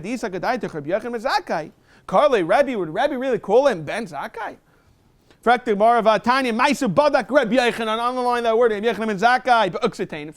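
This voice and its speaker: Fast, high-voiced man teaching Talmud. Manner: quick, mixes Aramaic reading with English explanation and questions. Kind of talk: Talmud study lesson. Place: synagogue.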